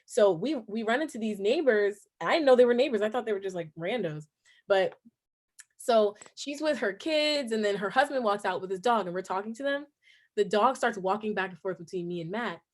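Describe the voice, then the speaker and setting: A young woman from New Jersey with a New Jersey accent, telling a casual story with swearing and animated quoting. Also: mid-range voice, a little fast. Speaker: guest, cousin of host.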